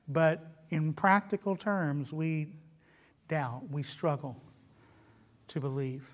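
A man with a Southern US accent preaching a sermon in church, animated, swinging between loud emphatic lines and quiet ones. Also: a little high, slow pace. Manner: animated, rises and drops in loudness, quotes scripture in character. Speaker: pastor.

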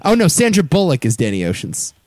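A man co-hosting a casual film podcast, talking in an exasperated, lively way and swearing freely. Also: a little high, fairly quick. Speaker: podcast co-host.

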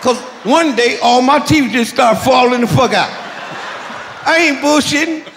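High-voiced profane stand-up man. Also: measured pace, fairly bright tone. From Detroit. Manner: profane, chuckles through his own punchlines. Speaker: stand-up comedian. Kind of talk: stand-up comedy set. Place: comedy club stage. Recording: echoey live club recording with crowd noise. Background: audience laughter and club ambience.

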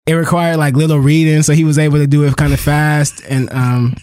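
A man's voice: fairly high pitch, level tone, brisk, darkish tone, no room sound, clean studio sound. A man co-hosting a casual podcast, laid-back and slangy, breaking into laughter often. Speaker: podcast co-host.

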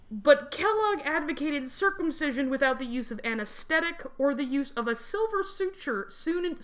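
A woman's voice: high-pitched, a bit bright. A woman hosting a podcast, reading a scripted history narration with wry, dry asides. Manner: wry, dry humor, frequent laughs. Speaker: podcast host.

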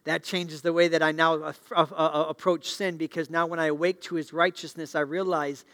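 A middle-aged male pastor preaching a sermon in a church, asking the congregation questions and moving between loud declarations and hushed appeals. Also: fairly high pitch, level tone, a little fast. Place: church sanctuary.

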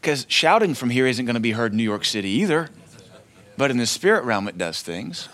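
A man preaching a sermon in an easy, conversational way. He slips into short acted quotes along the way, and his voice sits at an everyday middle pitch. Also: big pitch swings, brisk, a bit bright. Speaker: pastor.

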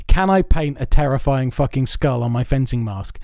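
A man's voice: mid-range voice, moderate pace, mellow, dry recording, studio quality. Sweary man telling rambling stories. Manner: rambling, sweary, self-amused storytelling. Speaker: podcast host. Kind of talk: casual chat.

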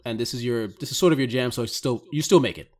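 A man's voice: mid-range voice, quick pace, a little mellow. A man narrating as game master of a tabletop role-playing game, easygoing and often laughing.

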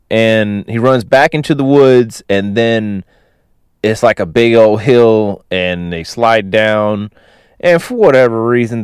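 Rambling man with a smooth, dry voice. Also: mid-range voice, darkish tone, no room sound. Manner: rambling, many fillers like "you know" and "like"; laughs while retelling. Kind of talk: casual movie recap.

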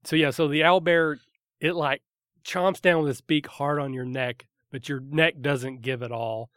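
A man's voice: on the high side, fairly even intonation, measured pace, fairly bright tone, clean tone, no room sound. Man narrating as game master, dry sound. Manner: vivid descriptive narration with fillers.

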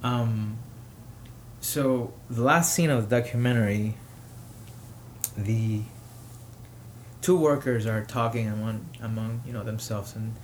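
A man's voice: on the low side, slight background noise. Emotional man giving commentary. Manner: emotional, pausing, rising to indignation. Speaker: podcast host. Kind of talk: personal commentary.

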